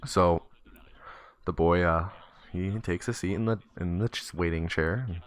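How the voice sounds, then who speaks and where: A young man casually telling a long story as a streamer, rambling with fillers and restarts and popping into squeaky voices for the characters. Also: unhurried, no echo. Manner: acts out the kid and teacher in high squeaky voices. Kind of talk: casual storytelling while gaming.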